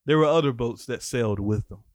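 A man teaching the Bible on a podcast in sermon style, reading scripture and breaking off into lively, casual asides. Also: medium pitch, fairly quick, dry recording, clean studio sound.

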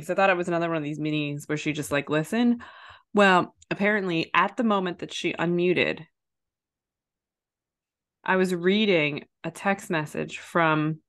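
Woman doing chatty storyteller, lively, laughs through her anecdote, spikes up for quoted outbursts. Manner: animated, jumps high when quoting herself; lots of fillers and restarts, laughs while telling. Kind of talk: casual chat, anecdote.

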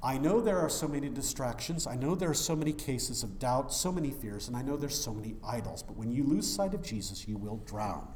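A man pastor delivering a sermon, swinging from hushed passages to loud, impassioned rises. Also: mid-range voice, animated, fairly quick, hardly any pauses, slight background noise. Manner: dramatic swings from quiet to loud preaching. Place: church. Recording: echoey church hall.

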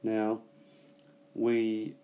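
Slow, low-voiced man teaching. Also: completely flat delivery, warm tone, a little hiss or hum. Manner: slow, thoughtful, with many pauses and fillers. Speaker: English teacher. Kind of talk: casual bilingual language lesson.

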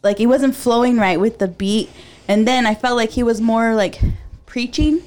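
A woman's voice: a little high, moderate pace. A woman co-hosting a casual podcast, giggling often and speaking with lots of "like". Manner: giggly, animated, sentences trailing into "like". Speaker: podcast co-host. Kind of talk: casual chat.

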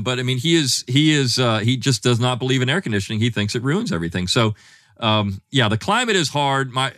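A man speaking as a guest historian in a podcast interview, animated, with frequent restarts and fillers. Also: mid-range voice, dry recording, clean studio sound.

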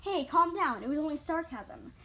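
A woman voicing a calm, sarcastic older sister cat in a read-aloud story. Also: on the high side, a little fast.

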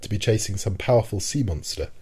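A man's voice: lowish voice, animated, fast talker, darkish tone, breathy edge. A man voicing a composed, polite male professor who explains himself with careful reasoning. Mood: earnest.

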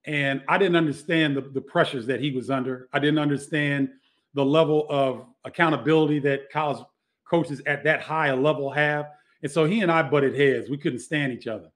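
A man's voice: a little high, normal speed, a bit bright. A middle-aged man, a former basketball player, telling stories in a casual interview with many restarts.

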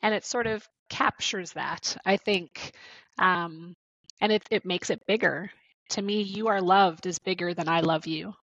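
A woman's voice: fairly low pitch, a little slow, a bit bright, dry recording. A woman co-hosting a podcast, reflecting in casual chat. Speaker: podcast co-host. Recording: dull, dry, lo-fi sound.

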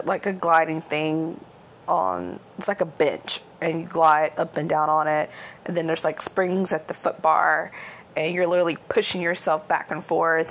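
A woman's voice: fairly low pitch, vocal fry, slight background noise. A woman, hosting and candidly telling a self-deprecating personal story, often laughing. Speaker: podcast host. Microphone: home microphone.

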